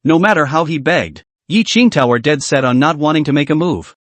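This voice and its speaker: A man's voice: fairly high pitch, fairly quick, no echo. A man narrating a dramatic story recap in a scripted way.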